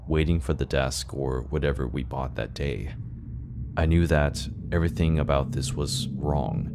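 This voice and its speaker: A man narrating a scary first-person story in a steady, scripted delivery. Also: rumbling low, background noise. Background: background music.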